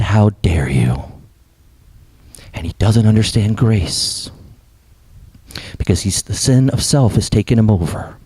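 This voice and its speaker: A young adult man preaching a sermon as pastor, animated, sometimes dropping to a hush for emphasis. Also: on the high side, no echo.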